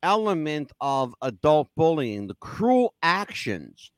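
Lively, higher-voiced male talk show host. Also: takes it slowly, clean tone, no echo, studio quality. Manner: casual and blunt, with occasional swearing.

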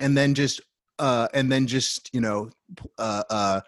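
A man telling a long story in casual, animated chat, swearing often and restarting his sentences. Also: mid-range voice, a little slow, no echo, studio quality. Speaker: storyteller in a talk.

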